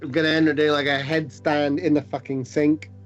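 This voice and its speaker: A man's voice: fairly high pitch, little pitch movement, fairly quick, soft background music. A man playing a tabletop game, describing his actions in a rambling, jokey way. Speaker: player. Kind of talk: tabletop game play, casual chat. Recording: muffled lo-fi stream audio.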